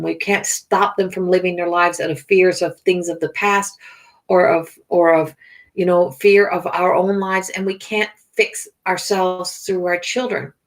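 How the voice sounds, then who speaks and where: A middle-aged woman talking casually as a spiritual healer and life coach, rambling and conversational, with many fillers. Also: on the low side. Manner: rambling, conversational, with frequent "you know" and "so". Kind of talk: casual livestream talk.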